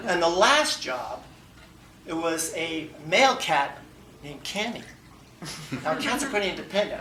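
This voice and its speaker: A man giving a humorous story speech at a contest, animated and acting out dialogue, laughing along. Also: on the high side, a little hiss or hum. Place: meeting room before an audience. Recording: echoey room, mic far off, faint ambience.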